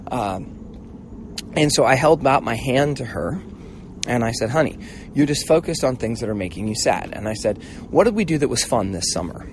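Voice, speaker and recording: A middle-aged man hosting a motivational mentoring talk, telling stories in a casual, animated way and acting out voices, with a swear word now and then. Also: medium pitch, normal speed, noisy background. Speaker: host, mentor.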